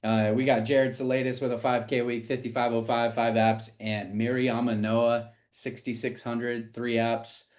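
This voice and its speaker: Brief: energetic man hosting a team call, reading numbers and hyping people up. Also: mid-range voice, normal speed, hardly any pauses. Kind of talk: upbeat team meeting shout-outs.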